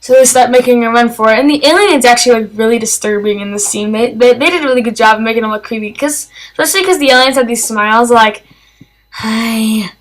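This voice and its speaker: A woman's voice: on the high side, quick pace, few pauses, low-quality recording. Rambling, eager young-sounding woman reviewer. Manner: rambling and hesitant, with many fillers and restarts; enthusiastic. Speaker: film reviewer. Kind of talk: casual spoken film review.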